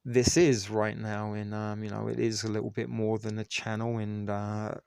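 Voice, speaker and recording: A man hosting a casual live stream, talking in a loose, rambling way full of ums and restarts. His voice sits low with a gravelly edge, and the sound is dry and close to the mic. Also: flat delivery, moderate pace, darkish tone, no echo. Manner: rambling, many fillers and restarts. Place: Toronto.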